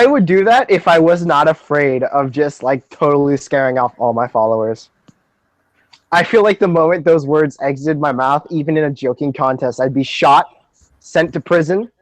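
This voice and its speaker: A man's voice: a little high, no room sound, rough recording. A young man hosting a casual group chat over a voice call, joking and sarcastic, rambling on. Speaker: podcast host.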